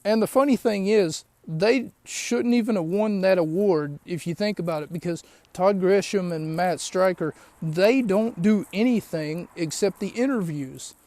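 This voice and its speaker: A man's voice: high voice, unhurried, a little mellow, no room sound. A man hosting a podcast, recapping a show in a rambling, chatty way with lots of asides. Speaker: podcast host. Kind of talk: casual recap of a wrestling show.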